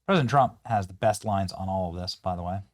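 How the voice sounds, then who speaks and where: A man hosting a political show, reacting to clips with sarcastic, scornful commentary that jumps from loud jeers to low mutters. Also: fast talker.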